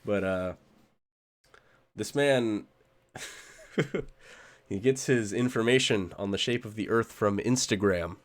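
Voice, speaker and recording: A man's voice: on the low side, slow, pauses often. A man streaming a reaction to a video, with casual commentary full of sarcastic asides and frequent laughter.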